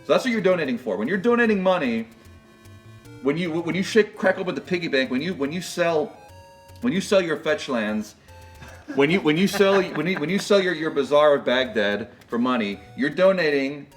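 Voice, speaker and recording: A man's voice: a little high, lively intonation, moderate pace, far from the mic, faint music behind. A young man co-hosting a charity livestream, chatting casually in a rambling, jokey way full of fillers. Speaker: charity stream co-host.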